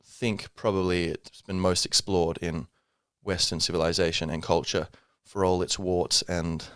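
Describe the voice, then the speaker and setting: Low-voiced man rambling through a podcast. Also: little pitch movement, unhurried, clear, resonant tone, no echo, clean studio sound. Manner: rambling, many fillers and self-corrections, breaks into playful quoted voices. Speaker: podcast host. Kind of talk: casual solo podcast monologue.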